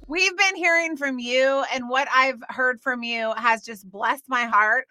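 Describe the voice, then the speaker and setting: Bubbly high-voiced woman podcast host. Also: faint music behind. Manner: bubbly, animated, quick asides. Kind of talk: chatty faith podcast storytelling.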